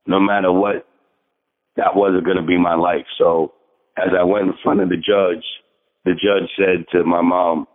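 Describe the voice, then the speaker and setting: A hoarse man with a very low voice tells a personal story with earnest conviction, pausing to clear his throat. His voice comes over a tinny phone line. The line carries a long, hollow reverb. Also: flat delivery. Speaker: caller. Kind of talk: casual sharing on a group call.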